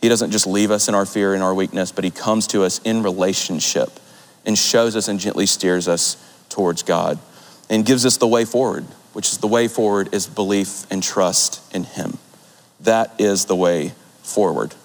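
A man's voice: low voice, moderate pace. A young man giving an earnest, conversational sermon and telling stories from his own life. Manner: earnest, conversational, warm storytelling. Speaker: preacher. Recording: long hall reverb.

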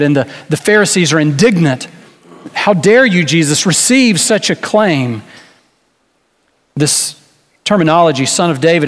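A man's voice: fairly high pitch, big-room sound. A man preaching a sermon in an earnest way, asking rhetorical questions and restarting small phrases as he goes. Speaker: pastor.

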